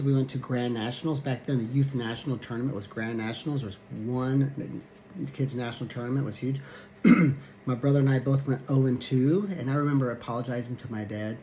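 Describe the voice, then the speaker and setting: A blunt, plain-spoken wrestling coach from Missouri, a man in his fifties, tells stories to the camera and acts out the voices of people he quotes. His medium-pitched voice has a warm tone, with a little hiss or hum in the recording.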